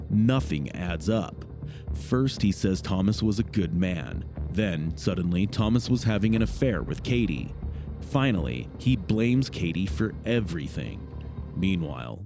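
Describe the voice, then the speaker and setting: A man narrating a true crime documentary in a measured, dramatic scripted style. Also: sits low.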